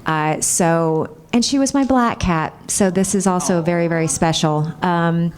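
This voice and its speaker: A voice actress chatting bubbly and gushing with fans at a convention panel. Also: female voice, lowish voice, measured pace, a little mellow.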